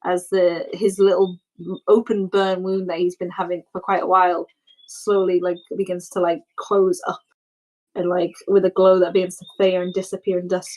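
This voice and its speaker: A woman narrating as game master in a tabletop role-playing game, animated and encouraging, with frequent fillers. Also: on the low side, moderate pace, poor audio.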